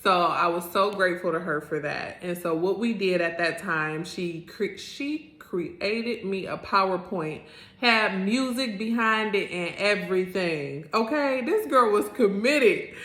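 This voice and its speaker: A woman in her thirties telling an earnest personal story as a vlogger, animated and full of "like" fillers. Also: medium pitch, measured pace. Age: 30s. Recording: roomy echo.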